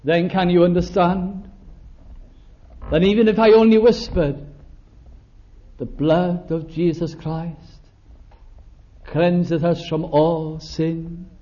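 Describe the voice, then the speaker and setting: An older man preaching a sermon, slowing down to stress key words and acting out small exchanges. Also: on the high side, steady tone, warm tone. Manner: slows down for emphasis, acts out little dialogues. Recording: dull lo-fi recording.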